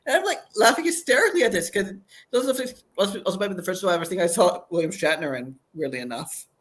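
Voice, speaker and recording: A man's voice: high voice, expressive, quick pace, fairly bright tone. A man in his thirties, a guest chatting casually about his project, rambling and restarting his sentences. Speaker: guest, campaign creator. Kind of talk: casual chat.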